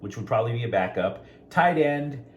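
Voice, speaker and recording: Male sports host, mid-pitched, very animated delivery, blunt and opinionated, speaks straight to viewers. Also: brisk, a little hiss or hum. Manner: outspoken, talks straight to viewers.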